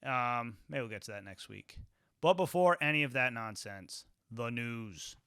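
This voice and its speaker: Male podcast co-host, bright smooth voice, blunt, jokey, profane. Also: mid-range voice, expressive, normal speed, dry recording, studio quality. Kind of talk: casual podcast chat.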